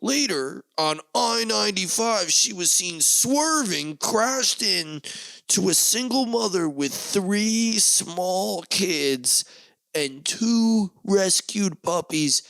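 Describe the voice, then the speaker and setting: A man doing a grave, slow TV news reporter. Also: high voice, expressive, vocal fry, fairly bright tone, dry recording, pitched above the performer's own voice, heavily acted, low-quality recording. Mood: mock-solemn. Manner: slow, grave, emphatic delivery. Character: dramatic male TV news reporter.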